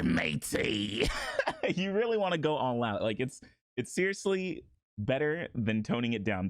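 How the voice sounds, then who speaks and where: A man's voice: mid-range voice, no room sound. A man talking casually through a voice acting tutorial, rambling a little with restarts. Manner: laid-back, rambling with many restarts and laughs.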